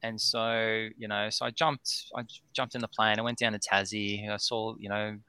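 Excitable Australian man, gravelly and bright. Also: on the low side, moderate pace. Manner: rambling, excitable, lots of "um" and "right?". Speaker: distillery founder, guest. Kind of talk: storytelling in a podcast chat.

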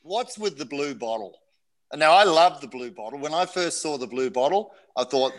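A man's voice: mid-range voice, expressive, fairly quick, fairly bright tone. A man, hosting a casual interview and asking questions enthusiastically. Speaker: host.

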